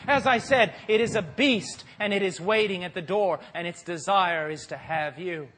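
A man preaching a sermon with passion, moving from quiet, deliberate phrases to forceful peaks. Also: sits high. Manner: impassioned, swings from quiet to forceful.

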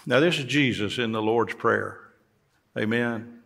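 A man's voice: medium pitch, unhurried, creaky, fairly bright tone. A male pastor delivering a sermon in a church, folksy in tone and rising emphatically on key words. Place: church sanctuary.

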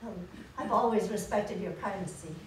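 A woman playing a flustered, eager woman being courted, full of breathy exclamations, recorded in an echoey hall from far away. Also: mid-range voice, moderate pace, slight background noise, close to an everyday voice. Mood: fluttery. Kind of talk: community stage musical acting.

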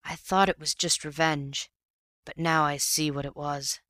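A man voicing a wounded, exhausted bank manager who talks in weak, halting phrases. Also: a little high, fairly even intonation, sharp tone, dry recording, clean studio sound. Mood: grim.

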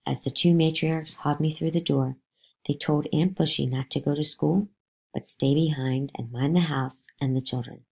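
Low, husky woman reading aloud. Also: normal speed. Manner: lively, voicing quotes with pitch jumps. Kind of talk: classroom read-aloud of a novel.

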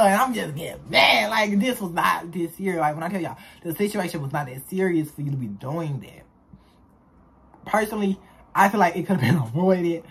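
A young man telling a personal story for his vlog in an animated way, jumping between loud bursts and hushed asides. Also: sits high, breathy edge. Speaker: storyteller vlogger.

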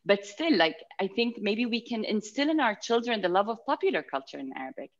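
A woman's voice: mid-range voice, sing-song, a little fast. A woman from Iraq, a panelist talking animatedly in a casual discussion over a video call, slipping Arabic phrases into her sentences. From Iraq, Mosul. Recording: dull video-call audio.

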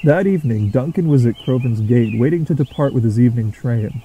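Mellow-voiced man narrating a storybook. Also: mid-range voice, expressive, a little fast, a little hiss or hum, poor audio.

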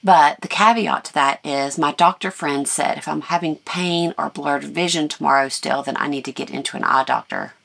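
A middle-aged woman artist chatting casually in a vlog, rambling and thinking out loud, her voice scratchy and tired, partly recorded outdoors at a lakeside campground. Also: low-pitched, moderate pace, vocal fry, few pauses, dry recording. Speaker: artist vlogger.

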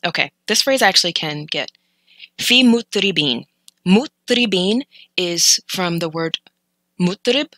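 A woman's voice: fairly low pitch, expressive, normal speed, pushed and bright, no room sound, poor audio. A woman learner casually explaining vocabulary from clips, thinking aloud with hesitant restarts and corrections. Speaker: language learner teaching vocabulary.

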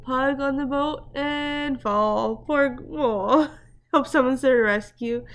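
Slow-talking, chatty woman reaction host. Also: fairly high pitch. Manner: chatty, exclaims and laughs often. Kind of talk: casual reaction commentary. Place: at home with her dogs nearby.

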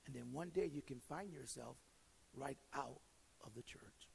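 A man's voice: medium pitch, unhurried, in a large hall, a little hiss or hum, poor audio. A male pastor preaching a sermon in a direct, joking way, mixing stories and teaching. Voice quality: raspy, gravelly. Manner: direct, joking, self-deprecating; repeats and restarts words. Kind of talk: sermon with storytelling.

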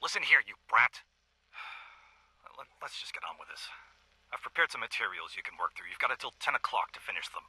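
A man's voice: mid-range voice, very animated, fairly quick, pauses often, bright, forceful tone, husky, no echo, exaggerated voice, rough recording. A man playing a stern, weary male schoolteacher, lecturing in a video game audio log.

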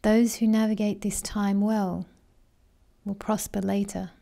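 A woman gives voice to a wise male water dragon, rich and low, speaking in slow, soothing phrases with a gravelly edge. His mellow tone stays calm and measured. He is a spirit guide in a guided meditation. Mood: serene.

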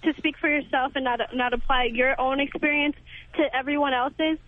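A high-pitched woman scolds and lectures as a radio caller. Her voice comes over a thin, phone-like line. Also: steady tone, normal speed.

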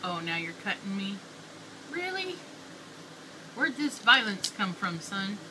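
A woman's voice: medium pitch, animated, moderate pace, bright, forceful tone. A woman vlogging with her young son, talking to him in a playful, sing-song way. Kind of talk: casual home video chat. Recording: noisy home video recording.

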